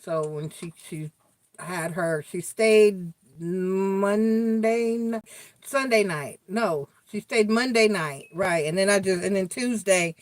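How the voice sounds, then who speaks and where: A middle-aged live stream host takes it slowly in a medium-pitched voice, recorded dry. Running a casual tarot chat, she talks bluntly and chattily to her viewers, with lots of swearing.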